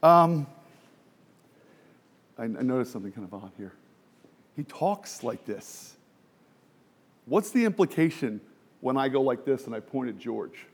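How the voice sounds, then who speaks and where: A man's voice: mid-range voice, lively intonation, unhurried, pauses often, husky. A man preaching a sermon, emphatic and full of rhetorical questions, sometimes dropping to a near whisper.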